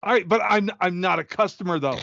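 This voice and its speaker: Young male co-host, high voice, rambling profane storyteller, dry dull recording. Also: a little fast, vocal fry, fairly bright tone, dry recording. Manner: rambling, profane, acts out quotes. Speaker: podcast co-host. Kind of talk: comedic storytelling.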